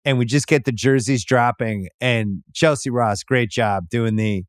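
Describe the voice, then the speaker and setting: A man's voice: mid-range voice, normal speed, hardly any pauses, no echo, studio quality. Man hosting a movie podcast, enthusiastic. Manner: enthusiastic, recaps scenes with quoted lines. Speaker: podcast host. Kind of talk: casual chat.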